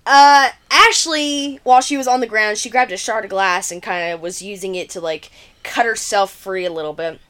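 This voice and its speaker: On a podcast, a woman co-host chats casually through a movie's plot, performing the characters' lines as she goes. Her voice sits at medium pitch with a slightly bright tone, and she keeps a moderate pace.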